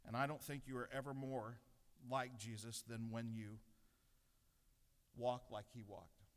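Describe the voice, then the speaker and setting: A man's voice: medium pitch, flat delivery, measured pace. Middle-aged man preaching in a hall. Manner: earnest, with self-deprecating storytelling humor. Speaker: pastor giving a devotional. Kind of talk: sermon. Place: large legislative chamber. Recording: long reverb in a large chamber.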